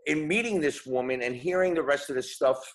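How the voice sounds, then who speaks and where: A man's voice: a little high, fairly quick, poor audio. Man in his 60s telling long stories. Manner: rambling, repeats words, acts out quotes. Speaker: guest musician. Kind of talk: storytelling interview talk.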